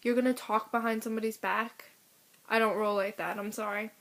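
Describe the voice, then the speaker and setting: A woman's voice: mid-range voice, fairly even intonation, fairly quick. A teenage girl ranting to camera, telling a story in an exasperated, indignant way. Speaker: vlogger.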